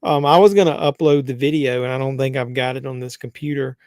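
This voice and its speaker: A man's voice: mid-range voice, fairly even intonation, quick pace, darkish tone, dry recording. A man hosting a live stream, chatting casually and with strong opinions, rambling with many fillers and restarts. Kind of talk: casual movie review chat.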